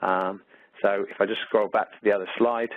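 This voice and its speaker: A man's voice: fairly low pitch, level tone, moderate pace. A man with an Australian accent, a maths teacher walking through exam questions in a chatty way with lots of fillers. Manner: chatty, many fillers, upbeat about the material. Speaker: maths teacher presenting a webinar. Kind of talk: conversational teaching walkthrough. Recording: tinny phone-like webinar audio, dry.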